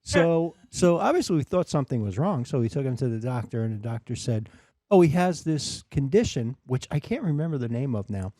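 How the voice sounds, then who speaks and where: A man's voice: medium pitch, fairly quick, no room sound, clean studio sound. A middle-aged man, a father, telling family stories in a casual chat and acting out the voices. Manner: animated storyteller, acts out voices.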